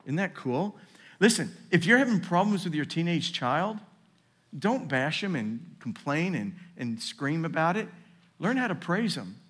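A man preaching a sermon as pastor, with call-and-response asides to the congregation, rising at times to shouting. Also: a little high, very animated, a little slow.

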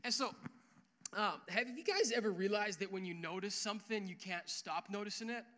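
Young male pastor, animated storyteller, high bright voice, long church reverb. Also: normal speed. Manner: energetic storytelling with quoted dialogue. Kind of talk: sermon. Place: church hall with worship music.

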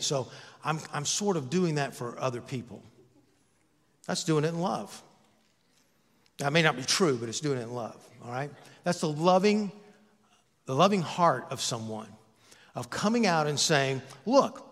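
A pastor gives a sermon at his own church at normal speed, his fairly bright voice sitting a bit high for a man. Expressive and conversational, he jokes and mocks himself, leaving long pauses, as the sanctuary's long, ringing reverb trails every line.

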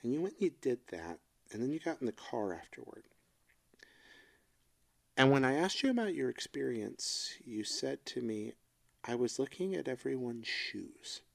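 A middle-aged man co-hosting a casual chat, talking in a reflective, emotional and halting way. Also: medium pitch, lively intonation, gravelly. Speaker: podcast co-host.

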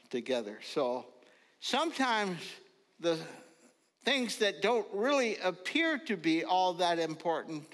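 An older man preaching a folksy sermon, telling stories slowly and now and then rising into loud ringing calls. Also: on the high side. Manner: slow storytelling, bursts into loud ringing calls. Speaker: pastor. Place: church sanctuary. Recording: long reverb of a large hall.

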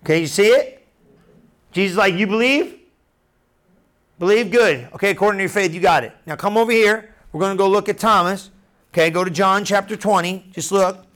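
A man's voice: sits high, a little fast. A man preaching a casual Bible teaching, talking straight to his listeners and acting out scenes in everyday slang. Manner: animated, conversational, acts out Bible scenes in slang.

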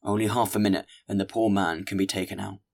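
A man's voice: lowish voice, little pitch movement, fast talker, vocal fry. A man voicing an earnest mayor who makes urgent, insistent appeals to a crowd.

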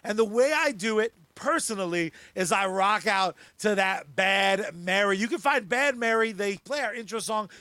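Man, very high voice, bright tone, excitable podcast co-host, jokey, dry close mic. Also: no room sound. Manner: excitable, jokey, bursts of shouting. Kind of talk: casual chat and sponsor reads.

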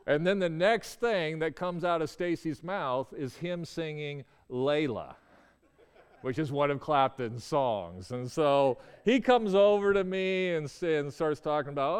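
A man's voice: fairly high pitch, lively intonation, clear, resonant tone. Resonant man telling a story. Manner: halting, with stammered restarts. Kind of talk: personal storytelling. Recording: long reverberant hall.

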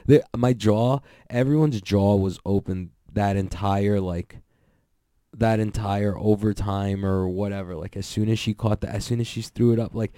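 Young male host, loose excitable recap talk with lots of swearing; dark, mellow tone. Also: fairly low pitch, moderate pace, clear, resonant tone, no echo, studio quality. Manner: rambling, profane, excitable, laughs often. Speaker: podcast host recapping jiu-jitsu events. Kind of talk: casual solo recap.

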